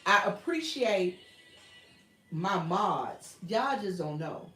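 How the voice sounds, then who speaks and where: A woman's voice: lowish voice, big pitch swings, slow, fairly bright tone, echoey room, distant mic, faint music behind, low-quality recording. Southern woman chatting to viewers, off-mic. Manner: heartfelt, repetitive, addresses viewers as y'all. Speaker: YouTube livestream host. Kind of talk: casual livestream chat to viewers. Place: home workshop with a printer running.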